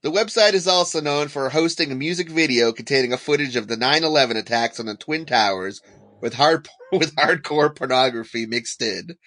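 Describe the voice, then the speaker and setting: A man's voice: mid-range voice, brisk, pushed and bright, no echo. A man co-hosting a podcast, reading out facts in a playful, jokey way. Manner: playful, jokey, breaks into sung lines. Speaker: podcast co-host. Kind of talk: casual podcast banter.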